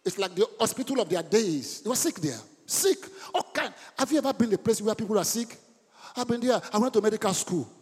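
Middle-aged nigerian preacher, high husky voice, goes soft then loud then soft again, repeats himself a lot, church reverb. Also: male voice. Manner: dramatic swings between soft asides and loud outbursts; code-switches mid-sentence, repeats words for emphasis. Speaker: pastor. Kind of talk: sermon. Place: church hall. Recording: long hall reverb.

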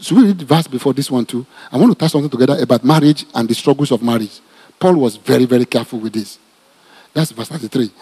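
Husky Nigerian pastor in an echoing hall. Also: male voice, medium pitch, fast talker. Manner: animated, repetitive, joking asides to the congregation. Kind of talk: teaching sermon, Bible study.

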